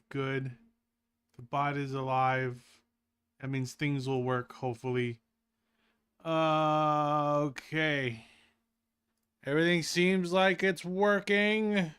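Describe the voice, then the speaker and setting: A man's voice: on the high side, fairly bright tone, smooth. A man chatting casually on a live stream, rambling playfully and talking to his chat and to himself.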